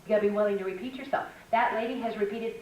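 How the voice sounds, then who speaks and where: A woman's voice: medium pitch, racing, distant mic, background noise. An older woman giving a chatty, humorous teaching talk to women, full of stories. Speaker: speaker at a women's conference. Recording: echoey hall, mic from afar.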